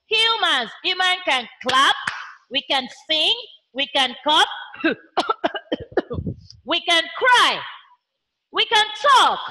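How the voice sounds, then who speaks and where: A woman's voice: very high-pitched, bright, forceful tone. A Nigerian woman teaching young children online in a sing-song voice, imitating animal sounds as she goes. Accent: Nigerian English. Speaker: primary school teacher.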